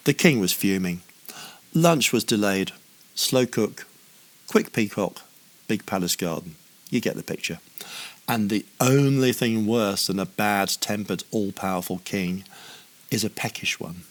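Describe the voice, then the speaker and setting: A man's voice: lowish voice, measured pace. A man narrating a children's story with a playful, wry manner and humorous asides.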